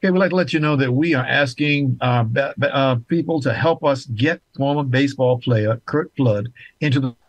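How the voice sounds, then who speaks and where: A man's voice: medium pitch, moderate pace, hardly any pauses, no echo, rough recording. A man hosting a talk show, speaking emphatically and repeating key points for viewers.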